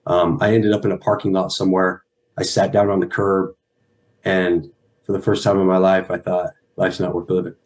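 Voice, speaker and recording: Man, 30s, low-pitched, interview guest, earnest, halting, emotional. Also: flat delivery, darkish tone. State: emotional, near tears. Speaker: guest, former pro football player. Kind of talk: emotional personal story.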